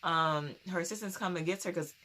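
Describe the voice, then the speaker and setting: Bright-voiced young woman recapping a show. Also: on the low side, brisk. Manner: animated, laughs often, acts out quotes. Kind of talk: casual TV recap chat.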